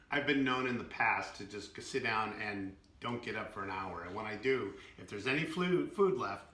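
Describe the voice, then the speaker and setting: A man's voice: on the low side, animated, moderate pace, pushed and bright, echoey room. A man from the Boston area co-hosting a casual cooking demo, chatty and joking as he tastes the dishes. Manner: joking, chatty, laughs often. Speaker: co-host.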